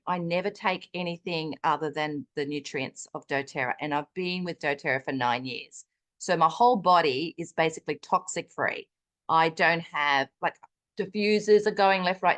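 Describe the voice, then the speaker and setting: A middle-aged woman with a low voice chats animatedly on a casual video call, sharing a personal health story as a guest. She's talkative and lively, full of fillers, and acts out the dialogue she quotes.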